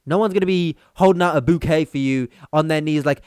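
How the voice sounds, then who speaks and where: A young man rants and mocks in a commentary video. His voice sits somewhat high for a man. The sound is dry and close, with no room around it. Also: brisk, hardly any pauses, darkish tone, clean tone, no echo. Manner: blunt, mocking, ranting. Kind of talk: reaction commentary.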